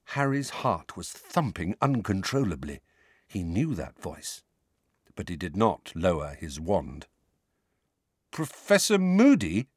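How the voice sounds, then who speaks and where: Expressive male audiobook narrator. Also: low-pitched, unhurried, breathy edge, dry recording, clean studio sound. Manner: expressive storytelling reading.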